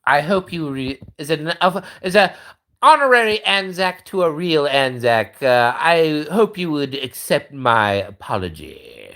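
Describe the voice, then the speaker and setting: A man's voice: on the high side, big pitch swings, unhurried, fairly bright tone. A man hosting a livestream, ranting in a profane, rambling way and restarting his sentences often. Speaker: livestream host. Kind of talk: casual livestream rant.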